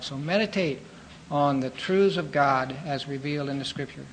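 A man preaching a sermon in an earnest, measured teaching manner, pausing with fillers and restarting phrases. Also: on the high side, a little hiss or hum, rough recording.

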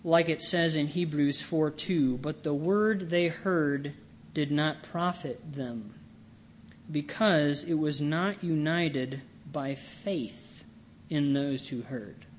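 A man preaching a sermon, reading scripture and explaining it with slow, earnest emphasis. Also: fairly high pitch, slight background noise.

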